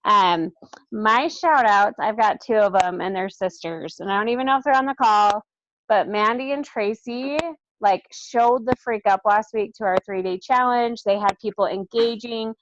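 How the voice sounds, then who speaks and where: A tired woman chatting quickly on a team video call, self-deprecating and casual. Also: mid-range voice, slight background noise. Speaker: team member giving shout outs. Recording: dry, dull video call audio.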